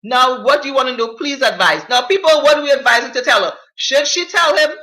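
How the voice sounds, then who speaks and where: A woman's voice: high-pitched, brisk, pushed and bright, echoey room, low-quality recording. A woman hosting a live talk show, reading viewer comments and giving blunt, emphatic opinions in casual slang.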